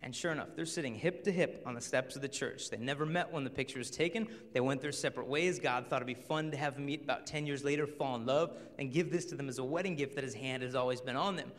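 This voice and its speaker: A man in his twenties giving a humorous storytelling talk about dating, lively and jokey. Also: mid-range voice, fast, hardly any pauses. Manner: lively, jokey, acts out quoted people. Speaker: speaker on chastity and dating. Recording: long hall reverb.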